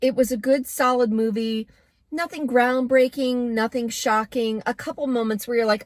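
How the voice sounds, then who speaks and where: A woman's voice: fairly high pitch, fairly even intonation, normal speed, no echo, clean studio sound. Chatty woman reviewing a movie. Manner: chatty and candid, with frequent fillers. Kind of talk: casual spoken review.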